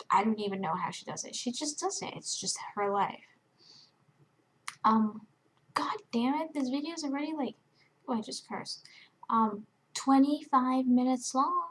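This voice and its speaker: A young woman with a somewhat high, husky voice rambles in a casual vlog to her friends. She gushes and restarts her sentences, full of fillers. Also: rough recording. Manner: gushing, giggly, self-interrupting, with many fillers. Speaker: vlogger giving shout-outs to roleplay friends. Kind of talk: casual rambling chat to camera.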